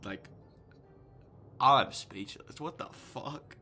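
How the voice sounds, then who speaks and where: A man's voice: on the low side, lively intonation, unhurried, gravelly, over music. A young man swearing and ranting as he comments on his own gameplay. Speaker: gamer. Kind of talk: casual gaming commentary.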